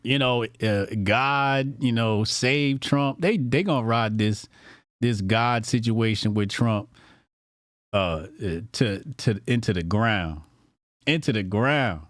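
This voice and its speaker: A man's voice: mid-range voice, slow pace, dry recording, clean studio sound. A man hosting a casual commentary show, brash, profane and mocking.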